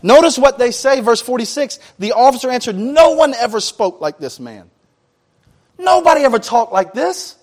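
A man's voice: extremely high pitch, sing-song, moderate pace. A man preaching a sermon as pastor, mixing scripture reading with loose, conversational asides and casual slang.

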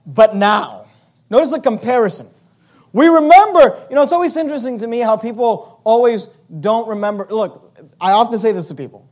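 A man's voice: high-pitched, animated, fairly quick, darkish tone. A man preaching a sermon as pastor, emphatic, with rhetorical questions and frequent restarts.

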